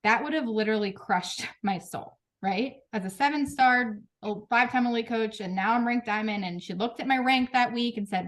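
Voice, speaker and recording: A woman in her thirties speaking frankly and emotionally to her team on a group video call, with quick restarts and laughs. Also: a little high, fairly bright tone. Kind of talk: candid motivational talk.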